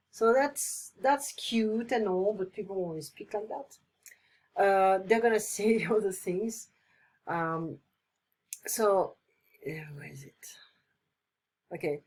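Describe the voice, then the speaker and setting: A woman's voice: mid-range voice, a little slow, a little mellow, breathy edge. A woman teaching English in a casual lesson, chatting as she explains phrases with playful examples.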